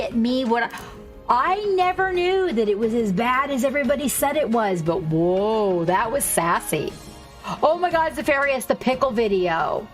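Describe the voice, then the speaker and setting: Chatty woman from Hawaii, fairly high voice. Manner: chatty, rambling, quick to swear and laugh. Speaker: streamer. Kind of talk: casual chat with stream viewers while painting.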